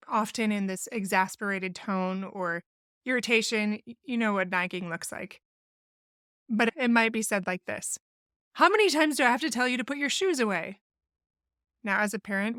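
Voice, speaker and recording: A woman's voice: medium pitch, a bit bright, clean tone, no echo, studio quality. A woman therapist hosting a solo podcast, explaining family communication in an earnest, instructive way and acting out sample phrases. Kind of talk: solo podcast advice talk.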